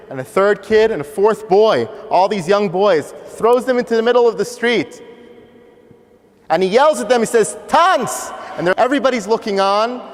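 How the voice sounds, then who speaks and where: Man telling a story dramatically in a hall. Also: high-pitched. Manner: vivid, acts out voices, swings loud and soft. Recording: long reverb of a hall.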